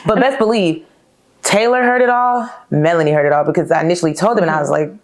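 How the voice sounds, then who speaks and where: A frank young woman hosts a casual podcast chat and turns to address her listeners directly. Her voice is a touch low for a woman. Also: fast talker. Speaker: podcast host.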